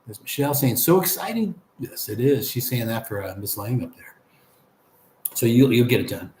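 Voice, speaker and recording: A man's voice: mid-range voice, animated, normal speed, darkish tone, echoey room, slight background noise. A man hosting a casual livestream, reading viewer comments aloud in a friendly, rambling way. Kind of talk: casual live chat.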